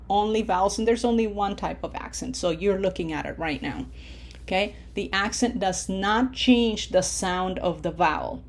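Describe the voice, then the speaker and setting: A woman leads a recorded pronunciation lesson at an unhurried, measured pace, pausing to check in with her learners. She models each word clearly so listeners can repeat it, with her voice sitting at an ordinary middle pitch. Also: slight background noise. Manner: slow, deliberate, checks in with "okay?"; models words clearly for repetition. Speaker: Spanish teacher.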